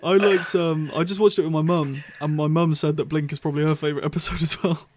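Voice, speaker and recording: A young man co-hosting a casual fan podcast, chatty and enthusiastic, quick to laugh. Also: fairly high pitch, steady tone, a little hiss or hum. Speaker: podcast host.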